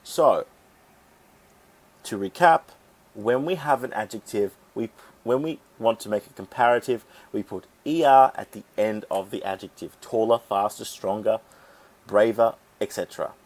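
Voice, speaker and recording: A man teaching an English grammar lesson, explaining rules step by step and sounding out syllables deliberately. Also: on the low side.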